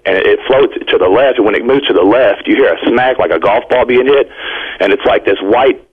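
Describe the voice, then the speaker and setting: A man from Indiana calling in to a radio show, telling a rambling, excited story with nervous laughs. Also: mid-range voice, a little fast, slightly rough. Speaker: caller. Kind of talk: phone-in storytelling. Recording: tinny phone line.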